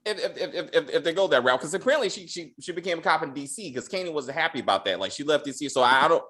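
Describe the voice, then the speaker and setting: A man hosting a casual TV recap chat, animated and profane, breaking into mock voices of characters. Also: on the high side, very fast. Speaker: podcast host.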